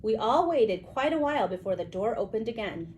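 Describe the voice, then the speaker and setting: A woman reading a children's book aloud with animated storytelling. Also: a little high, fairly quick, slight background noise, low-quality recording. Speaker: reader.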